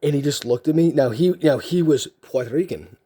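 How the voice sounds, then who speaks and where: A man's voice: a little high, a little fast, mellow, breathy edge. A man telling a story casually as a card video host, rambling with lots of fillers and restarts.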